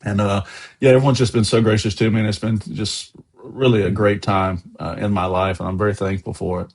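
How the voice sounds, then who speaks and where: A man's voice: fairly low pitch, little pitch movement, a little fast, vocal fry. An American man, a guest on an interview show, telling long enthusiastic anecdotes in a casual, chatty way. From USA.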